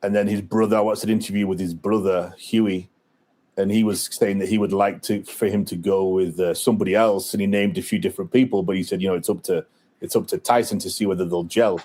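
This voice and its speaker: Low-voiced man in casual boxing chat. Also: steady tone, fast talker, dark tone. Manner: rambling, many fillers and restarts. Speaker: podcast co-host.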